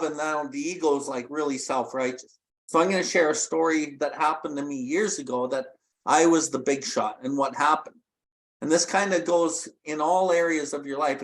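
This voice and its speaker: Blunt, swearing man, higher voice. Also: low-quality recording. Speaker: podcast host. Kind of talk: recovery podcast discussion and reading aloud.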